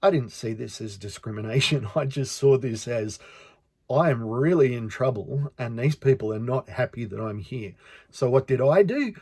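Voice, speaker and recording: A man's voice: mid-range voice, expressive, moderate pace, warm tone, slightly rough, no echo. An Australian man hosting a podcast, telling a personal story in an earnest way and often repeating words as he talks. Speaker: podcast host.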